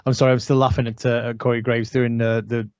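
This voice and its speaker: A man's voice: mid-range voice, little pitch movement, fast talker, clean tone, no echo. Chatty man on a dry, dull mic. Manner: chatty, filler-heavy. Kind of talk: casual wrestling prediction chat.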